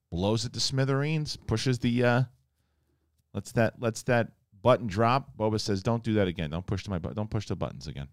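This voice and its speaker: A low-voiced man walks through a show in a casual spoiler review. He rambles and jokes, dropping into quick impressions of the characters' lines. The sound is close and dry, with no room around it. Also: no room sound. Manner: animated, acts out characters' lines in a joking voice; rambling, conversational, mild swearing.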